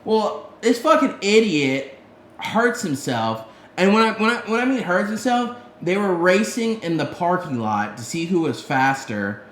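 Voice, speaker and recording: A man co-hosting a podcast, telling stories in a casual, profane, animated way. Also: sits high, measured pace, roomy sound. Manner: profane, animated storyteller, heavy swearing. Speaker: podcast co-host. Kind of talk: casual storytelling chat.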